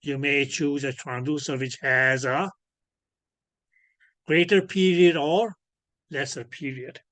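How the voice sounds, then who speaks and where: A man teaching ultrasound physics in an online lecture over a computer microphone. He keeps checking whether students follow by asking "clear?", and he fills his sentences with "okay, yes". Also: on the high side, steady tone, slow pace, a bit bright, no echo. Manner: peppers speech with filler "okay, yes". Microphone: computer mic on a video call.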